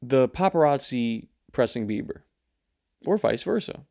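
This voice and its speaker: A young man hosting his own show, rambling and swearing in a casual, animated rant. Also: medium pitch, a little slow, vocal fry. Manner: rambling, profane, animated ranting. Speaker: show host. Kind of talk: casual solo commentary.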